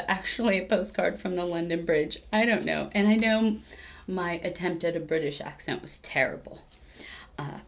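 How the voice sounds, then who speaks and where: A woman's voice: lowish voice, vocal fry. A woman chatting casually on her cross-stitch vlog, rambling, correcting herself as she goes and laughing often. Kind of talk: casual crafting vlog chat.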